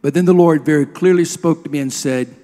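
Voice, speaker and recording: A middle-aged man preaching with a slightly raised voice, recounting stories in earnest. His tone drops low and soft at emotional points. The sound carries a long reverb from a large hall. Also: brisk. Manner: earnest storytelling, drops to a hush at emotional moments. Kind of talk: sermon.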